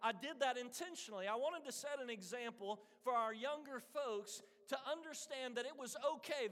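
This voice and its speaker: A pastor preaches a sermon in earnest, telling a story and acting out its characters' voices. His voice is very high-pitched and a bit bright, and the recording carries a long hall reverb.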